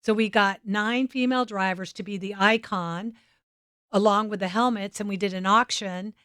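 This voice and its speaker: A woman's voice: mid-range voice, moderate pace, clean tone, dry recording, clean studio sound. A woman guest on a motorsports podcast, chatting casually and acting out the people in her stories. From United States. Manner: animated, acts out quoted dialogue. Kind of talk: casual storytelling interview. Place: studio set.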